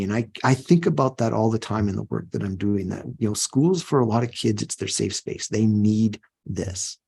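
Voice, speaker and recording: Gravelly earnest middle-aged man. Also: fairly low pitch, mellow. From Canada. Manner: earnest, repeats words while thinking. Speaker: teachers' union president. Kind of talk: podcast interview.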